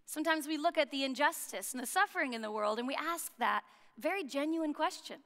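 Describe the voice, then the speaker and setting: An American woman delivers a sermon with a high, bright voice. She keeps it chatty and joking and poses questions to the congregation. Her voice rings out with long reverb through a church hall. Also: expressive, brisk. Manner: conversational and humorous, with rhetorical questions. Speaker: priest.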